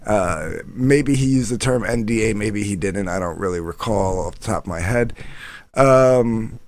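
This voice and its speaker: A man telling a long, rambling story in casual, profane chat, often quoting others. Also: measured pace. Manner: rambling, profane, quotes others in lowered voices.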